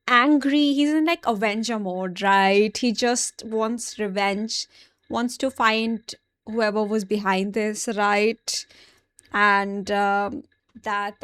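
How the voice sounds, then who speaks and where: Young woman, anime reaction host, high voice, casual and exasperated, swears, dry close sound. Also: fairly bright tone, dry recording. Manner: exasperated, swears, talks straight to viewers.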